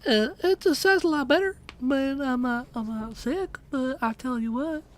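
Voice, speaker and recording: A congested man putting on high, squeaky cartoon character voices. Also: normal speed. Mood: cartoonish. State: sick, congested.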